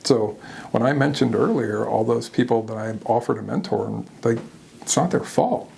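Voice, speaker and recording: A man speaking as an interview guest, candid and animated, often laughing at himself as he tells his own story. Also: medium pitch, moderate pace, creaky, slight background noise.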